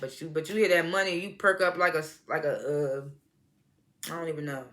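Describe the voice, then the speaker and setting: Bright-voiced man doing a slangy recap. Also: a little high, fairly even intonation, brisk. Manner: slangy, profane, laughs often while recounting scenes. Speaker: TV episode reviewer. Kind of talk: casual episode recap review.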